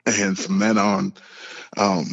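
A young man with a lowish voice tells a personal story in an interview, earnest and halting, full of "you know" and restarts. The sound is dull and lo-fi, with a long reverb hanging behind him. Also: level tone, creaky, a bit bright. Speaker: podcast guest, pro football player.

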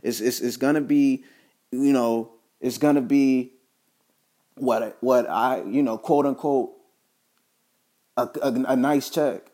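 A man with a warm, mid-range voice speaks slowly and evenly, leaving long pauses as he talks to the camera. His relaxed motivational monologue is repetitive and preachy, with stumbling restarts throughout.

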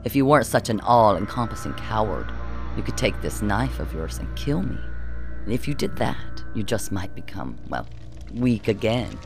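A man's voice: lowish voice, big pitch swings, normal speed, creaky, over music. A man voicing a cruel, mocking male villain who taunts in a falsely sweet, cheerful way. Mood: taunting.

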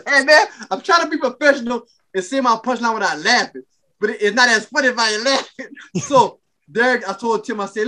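Guy on a podcast with a high bright voice, cracking up, swearing, acting out everybody in his story. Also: a little fast. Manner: laughing, profane, animated storyteller acting out quotes. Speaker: podcast co-host. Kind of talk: casual storytelling chat.

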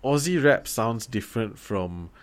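A man's voice: medium pitch, expressive, measured pace. A man from Singapore with a Singaporean English accent, chatting bluntly and casually, swearing and using many fillers. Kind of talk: casual chat.

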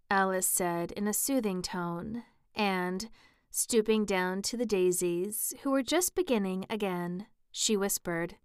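A woman narrating a storybook at an unhurried pace. Her voice is smooth and close, with a dry sound and no room around it. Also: medium pitch, no room sound. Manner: measured and clear. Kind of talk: audiobook narration.

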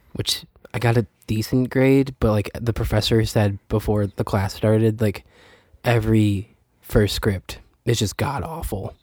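A sick, tired young man with a stuffy, nasal voice, co-hosting a casual podcast. He rambles and hesitates, often poking fun at himself. His voice is low and sounds dry and close. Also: a little mellow, no echo. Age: young adult. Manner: rambling, self-deprecating, hesitant. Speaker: podcast co-host.

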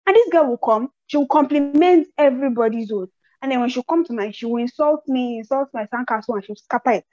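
Hosting her podcast, a young woman with a Nigerian accent speaks fast and high, recounting personal tales in a casual, animated way. She performs the quotes of the people in her stories. The sound is a little dull and dry.

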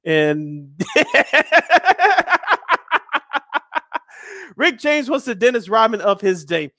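His high voice swings widely in pitch at a measured pace, fairly bright in tone. He's a man in his 30s running a live sports radio show, chatty and jokey, emphasizing lists in casual sports banter. The recording is dry and studio quality.

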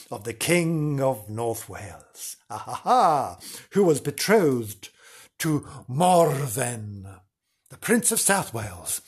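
A man with a husky voice telling an old legend with a wink, stepping out of the story for jokey asides. His pitch sits in a middle range, and he paces the tale for suspense. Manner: theatrical, jokey asides, chuckles. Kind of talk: playful storytelling narration.

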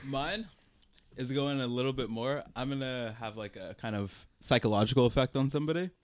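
A man's voice: mid-range voice, brisk. An American man co-hosting a podcast, leading casual banter and laughing a lot. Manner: lively, laughs a lot, asks questions. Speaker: podcast co-host. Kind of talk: casual banter among friends.

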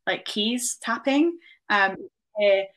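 A woman guest on a podcast in casual chat, talking in a thoughtful, measured way with many fillers. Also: medium pitch, expressive, fairly bright tone.

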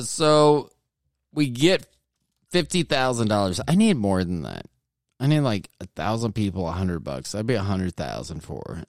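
Rambling, lively-voiced male podcast host. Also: fairly low pitch, vocal fry, no echo, studio quality. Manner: rambling, self-mocking, jokey asides. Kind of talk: casual rambling monologue.

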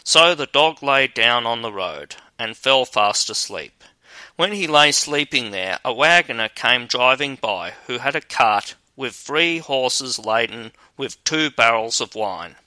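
Slow, bright-voiced man reading a fairy tale. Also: mid-range voice, no room sound, low-quality recording. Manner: steady, measured storytelling. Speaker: narrator.

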